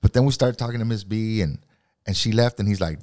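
A man co-hosts a loose podcast chat and talks fast. He tells rambling, profane stories. His voice is fairly low, and bro and fool show up in almost every line. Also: a little mellow. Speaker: podcast co-host. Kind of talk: casual chat.

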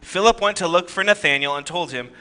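A man's voice: sits high, fairly quick, bright, forceful tone, clear, resonant tone. A man preaching a conversational sermon, reading scripture and adding joking asides and rhetorical questions. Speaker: pastor.

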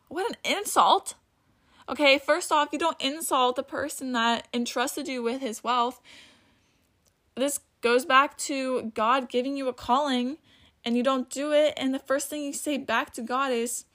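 A woman's voice: sits high, measured pace, fairly bright tone. A woman hosting a casual Bible teaching podcast, chatty and loose, often saying "like", sometimes stuttering and losing her place. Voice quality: stutters at times. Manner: loses her place and restarts. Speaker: podcast host.

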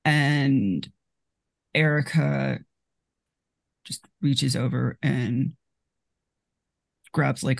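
A tabletop player with a gravelly, fry-laced voice talks in and out of character, rambling and stacking up fillers. The sound is close and dry. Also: medium pitch, no echo. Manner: rambling, full of "like". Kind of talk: playing a tabletop game in character.

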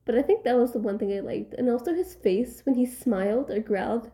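A woman's voice: on the high side, animated, fairly quick, warm tone. A young woman co-hosting a casual movie chat, giggly and often trailing off mid-sentence. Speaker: podcast co-host.

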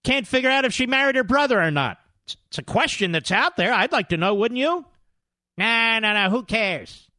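Combative high-voiced male radio host. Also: very animated, fast, bright, forceful tone, dry recording, studio quality. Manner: combative, sarcastic, mocking. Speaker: radio talk show host. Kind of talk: political talk radio monologue.

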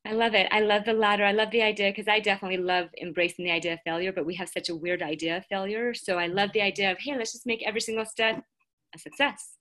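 A woman's voice: medium pitch, flat delivery, fast talker, a bit bright. A woman hosting a podcast in casual chat, enthusiastic and affirming, keeps saying how much she loves ideas. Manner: enthusiastic, affirming, many "I love it"s. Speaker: podcast host.

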